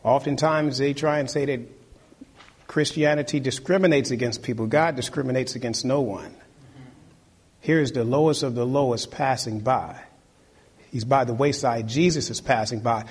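Husky-voiced man preaching emphatically. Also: mid-range voice, fairly even intonation, moderate pace. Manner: emphatic, repeats key phrases, exhorts listeners. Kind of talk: sermon.

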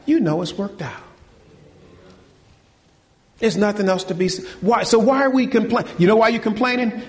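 A man preaching a sermon to his congregation, animated and colloquial, firing rhetorical questions and calling them y'all. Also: sits high, long reverb tail. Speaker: pastor. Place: church.

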